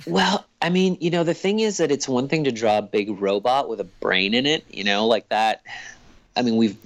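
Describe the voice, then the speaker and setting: A man guest on a podcast, talking in a thoughtful, rambling way with many pauses. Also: medium pitch, animated, no room sound, poor audio. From Canada. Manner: rambling, thoughtful, hesitant with fillers. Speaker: guest, comic creator. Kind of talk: casual podcast chat.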